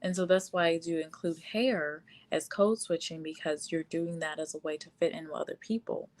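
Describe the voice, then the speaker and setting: A woman's voice: low-pitched, steady tone, moderate pace, a little mellow. A woman hosting a casual live stream, talking at length with frequent fillers and reading viewer comments aloud. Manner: frequent fillers, laughs often. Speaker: livestream host.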